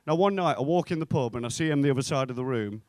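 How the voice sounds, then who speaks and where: This young North West English stand-up, playing a club, acts out voices from his stories and delivers punchlines with a straight face. He talks fast in a medium-pitched voice, and the recording is dry.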